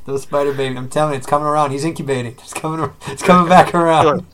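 A man's voice: a little high, steady tone, rapid-fire, fairly bright tone, slight background noise. A man chatting casually on a podcast, laughing often and swearing freely. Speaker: podcast co-host. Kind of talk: casual chat.

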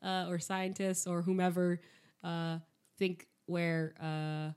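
A woman chats casually on a podcast while sick, her voice husky. She rambles, hesitates and pokes fun at herself. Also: on the low side, flat delivery, slow, darkish tone. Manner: hesitant, self-deprecating, rambling. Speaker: podcast co-host. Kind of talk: casual chat.

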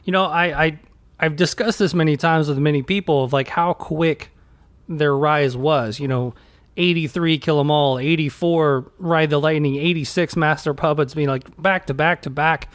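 A male host asks long, winding questions full of "you know" and restarts. His voice sits a bit high and sounds dry and close to the mic. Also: steady tone, moderate pace, no echo. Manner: long rambling questions with many fillers. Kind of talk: podcast interview.

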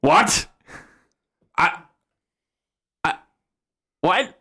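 A man's voice: sits high, expressive, extremely slow, gravelly, bright, forceful tone, voice pushed up, full character voice. A man putting on a childlike wooden forest spirit. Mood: startled. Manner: innocent, earnest, obedient questions. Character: small male wooden woodland spirit, eager, childlike.

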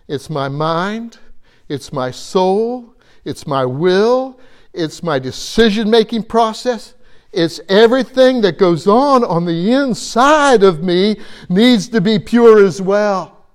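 High-voiced, slow-speaking male preacher. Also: smooth. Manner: earnest, asks the audience questions, repeats phrases for emphasis. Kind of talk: conversational sermon.

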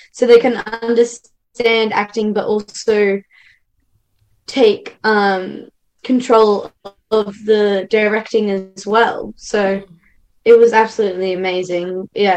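A woman's voice: mid-range voice, steady tone, unhurried, rough recording. A young woman from Australia, an actor guest, chatting bubbly and gushing with many filler words. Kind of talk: casual interview chat.

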